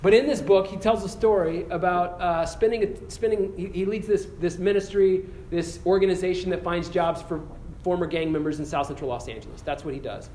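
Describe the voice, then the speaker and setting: A man giving an earnest campus sermon, telling a story with frequent restarts and ending in a slow, quiet prayer. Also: high-pitched, a little hiss or hum. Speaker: campus pastor. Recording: echoey room with faint ambience.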